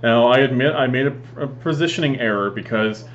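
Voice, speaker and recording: A man doing voice-over commentary on his own tabletop wargame moves, relaxed and rambling, with halting restarts. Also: mid-range voice, highs cut off. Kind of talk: voice-over game recap commentary.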